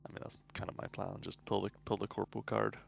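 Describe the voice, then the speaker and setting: A man's voice: lowish voice, little pitch movement, fast, vocal fry, dull audio, faint music behind. A man playing a tabletop game over voice chat, joking and swearing, often restarting his sentences. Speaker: tabletop player. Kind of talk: casual play over voice chat.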